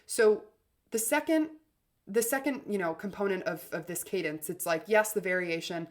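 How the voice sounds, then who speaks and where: A woman hosting a self-help podcast, talking in an energetic, emphatic way with restarts and big swings between loud and soft. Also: mid-range voice, normal speed. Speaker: podcast host.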